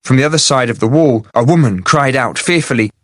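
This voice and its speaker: A man narrating a fantasy novel at a measured, steady pace. His voice sits in a plain middle pitch and comes across close and dry, with no room around it. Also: no echo. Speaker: audiobook narrator. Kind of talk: scripted narration.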